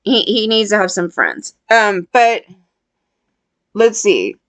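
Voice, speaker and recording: A woman's voice: mid-range voice, sing-song, slow pace, a bit bright, no room sound. Blunt, profane woman ranting. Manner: blunt, profane, rambling with many restarts. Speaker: vlogger. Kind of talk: unscripted rant to camera.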